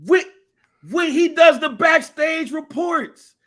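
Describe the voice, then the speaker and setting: A man co-hosting a casual podcast, talking in an animated, emphatic and profane way. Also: very high voice, slow pace. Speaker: podcast co-host.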